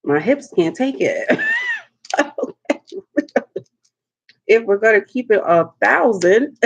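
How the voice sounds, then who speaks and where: Sassy woman hosting a slow eating stream. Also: medium pitch, a little mellow, slightly rough, dull audio. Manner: sassy, playful, laughs often, endearments like honey and darling. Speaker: mukbang host. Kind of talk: live-stream eating chat.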